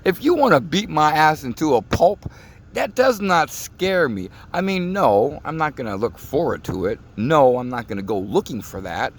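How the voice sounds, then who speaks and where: A man's voice: fairly high pitch, normal speed. A man talking in a casual monologue, ranting with emphasis and lots of swearing, from inside a car. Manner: animated, emphatic, profane ranting.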